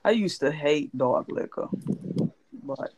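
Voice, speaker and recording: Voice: mid-range voice, animated, slow, a little mellow, muffled recording. A speaker chatting casually during a game, playful and laughing often. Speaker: gamer. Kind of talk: casual chat while playing.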